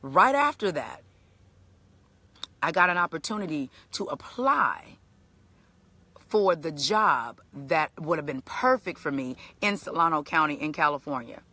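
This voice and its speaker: A middle-aged woman telling her life story as a motivational speaker in a live stream, animated and conversational with a preacherly lift. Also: low voice, unhurried.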